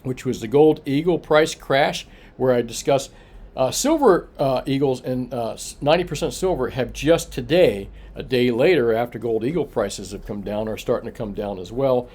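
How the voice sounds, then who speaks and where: A man's voice: medium pitch, moderate pace, darkish tone. A man hosting a casual evening price report from his coin shop, chatting loosely with lots of filler and answering viewer comments. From Florida. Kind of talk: casual evening livestream chat.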